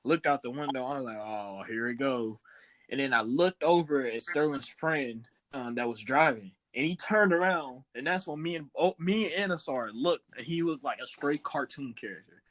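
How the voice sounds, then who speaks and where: A young man co-hosting a podcast, telling stories in an animated, laughing way. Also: on the high side, moderate pace, hardly any pauses, dry recording. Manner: animated storyteller, loud laughing retellings. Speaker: podcast co-host. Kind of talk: casual chat.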